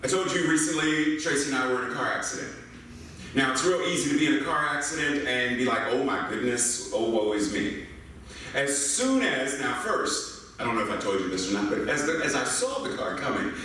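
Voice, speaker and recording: An older American man preaches with a lively, swinging delivery, his voice pitched a little above most men's. He teases and asks questions of his listeners as he tells stories. The sound is distant and bounces around a big reverberant hall with faint ambient noise. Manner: animated, playful storytelling with rhetorical questions. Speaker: minister. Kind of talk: sermon. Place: church sanctuary. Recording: echoey hall mic from far off.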